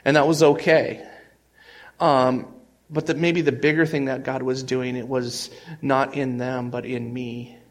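A man's voice: medium pitch, flat delivery, measured pace. Earnest man preaching a sermon. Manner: earnest storytelling with frequent restarts and swings in loudness. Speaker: pastor. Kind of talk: conversational sermon.

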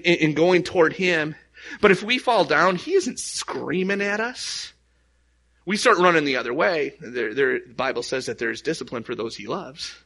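A man's voice: on the high side, bright, forceful tone. A man preaching a sermon as pastor, casual and conversational, telling stories with many restarts and fillers.

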